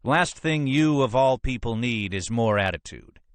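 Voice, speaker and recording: A man voicing a blustering, suspicious police captain who talks in a gruff, pushy way, in a storybook reading. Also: mid-range voice, lively intonation, unhurried, no echo, voice pushed up, close to an everyday voice. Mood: bossy. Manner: gruff, pushy, rhetorical questions.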